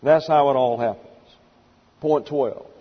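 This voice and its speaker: A man's voice: medium pitch, a little slow, slightly rough, long reverb tail, lo-fi sound. A man preaching as a pastor, working through numbered points in a methodical Bible lesson with dry asides. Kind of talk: expository Bible teaching.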